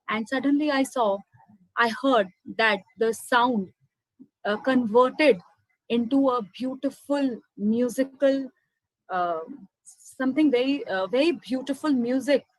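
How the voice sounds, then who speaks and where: A woman's voice: fairly high pitch, a little slow, no room sound, poor audio. A woman, emotionally telling a personal spiritual testimony and often calling her listeners friends. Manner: heartfelt, keeps addressing listeners as friends. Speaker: speaker sharing a spiritual testimony.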